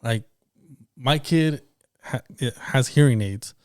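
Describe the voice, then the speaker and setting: A man with a mid-pitched voice, co-hosting a podcast. He is a parent and speaks with earnest heat, swearing freely. The recording is dry, with no room sound. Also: takes it slowly, no echo. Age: adult parent. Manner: earnest, heated, swears heavily. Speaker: podcast co-host. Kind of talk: casual chat.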